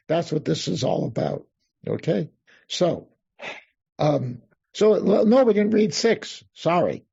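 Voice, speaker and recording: A man, a rabbi, teaching an interactive Psalms class, reading Hebrew verses slowly and then explaining them while thinking aloud. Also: on the high side, sing-song, gravelly, darkish tone, breathy edge. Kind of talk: interactive text study class. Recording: dull lo-fi class recording.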